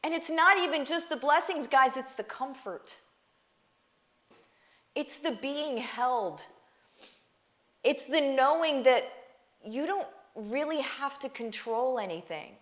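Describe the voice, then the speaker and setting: This online business coach and vlogger talks slowly and animatedly about her faith, her high, fairly bright voice broken by long pauses. She addresses viewers directly and earnestly, often calling them "guys" and checking in with "right?"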